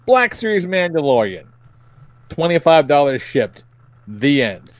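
This podcast co-host has a voice on the high side and keeps a measured pace, with no room sound in the recording. He's a man on a comedy show, spinning profane, lively stories and performing the quotes himself.

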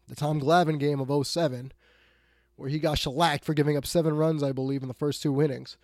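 Male sports radio host, blunt and exasperated, fairly high voice, dry close mic. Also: no echo. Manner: blunt, exasperated, swings between loud outbursts and muttered asides. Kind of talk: ranting sports talk monologue.

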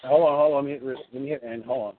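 A man's voice: mid-range voice, level tone, fast talker, a crowd in the background. Laid-back man on a phone call. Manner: laid-back, grateful, calls him bro. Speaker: client recording the call. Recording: tinny phone line with noise.

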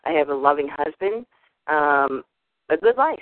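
A woman in her fifties with a Boston accent introduces herself on a group call. She is an animated storyteller who acts out the voices in her stories. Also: low voice, unhurried, dry recording. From Boston area, USA. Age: 50s. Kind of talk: casual personal introduction. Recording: tinny phone line, dry.

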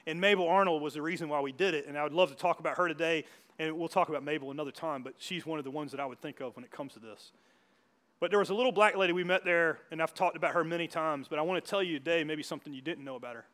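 A man's voice: a little high, very fast, fairly bright tone. A man preaching a sermon as pastor, telling stories in a church with frequent restarts and asides. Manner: storytelling with many restarts and asides. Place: church hall.

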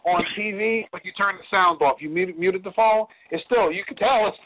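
A man's voice: high-pitched, normal speed. A man giving blunt relationship advice on a call-in show, preachy and repeating words for emphasis. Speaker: relationship coach. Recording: tinny phone-line sound.

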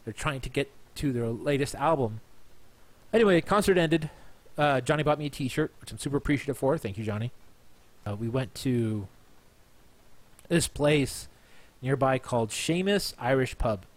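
A man hosts his podcast a little tipsy, talking at an ordinary pitch in a loose, rambling flow. He circles back, repeats himself and restarts his sentences as he tells a long story. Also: expressive, moderate pace, pauses often, no echo. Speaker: podcast host. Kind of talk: casual storytelling monologue.

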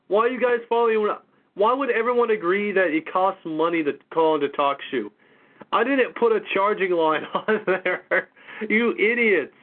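A man hosting a casual call-in show, exasperated and mocking, swearing often. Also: sits high. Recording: tinny phone-line audio.

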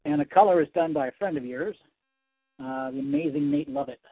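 A man, a comic book writer, talking as a guest in a casual interview, animated and rambling. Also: high voice, fairly quick, creaky, husky, dry recording. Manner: animated, rambling, self-correcting. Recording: dry, tinny phone-like sound.

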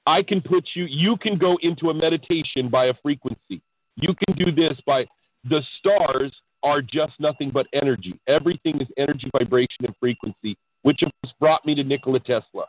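A man, a podcast guest, telling the story of his spiritual experiences in an excitable, animated way, often restarting his sentences. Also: a little high, brisk, no room sound. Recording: dry tinny phone-line sound.

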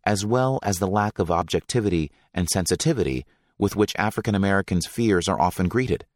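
A man reading passages from a book aloud in a measured, deliberate way, giving weight to titles and names. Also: sits low, no room sound, clean studio sound.

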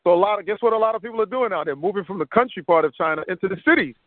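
A man's voice: sits high, racing, no room sound. A man talking casually on a call, rambling and piling up examples, a bit winded. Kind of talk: casual conversation. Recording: tinny phone line.

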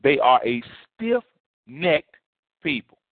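A man's voice: on the high side, sing-song, slow pace, no room sound, exaggerated voice. A man preaching, acting out the voice of God as stern and fed up with his people. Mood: exasperated. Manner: exasperated, dismissive. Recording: tinny phone-like sound.

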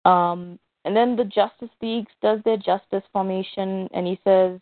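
A woman narrating a superhero toy story in an animated, playful way. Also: mid-range voice, moderate pace, hardly any pauses, no room sound. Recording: tinny phone-like dry sound.

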